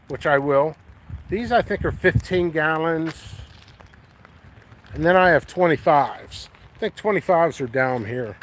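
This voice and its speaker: A man's voice: on the high side, a bit bright. Rambling man touring his backyard. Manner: rambling, easygoing, thinks aloud. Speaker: pepper grower and channel host. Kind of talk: casual walking vlog. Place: outdoors in his backyard, windy. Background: light wind and outdoor noise.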